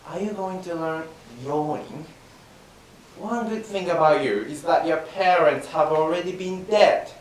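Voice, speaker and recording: A man's voice: fairly high pitch, unhurried, distant mic, close to an everyday voice. A man voicing an exasperated male friend who scolds and mocks his hapless companion, in rakugo storytelling. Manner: chiding, exasperated. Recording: very echoey room from afar, faint hiss.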